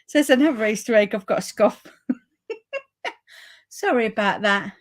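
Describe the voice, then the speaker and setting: A woman's voice: a little high, big pitch swings, unhurried. A woman hosting a live papercraft demonstration at home, chatting and rambling in friendly asides as she reads out viewer comments. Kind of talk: live crafting stream, reading viewer comments. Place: room upstairs at home.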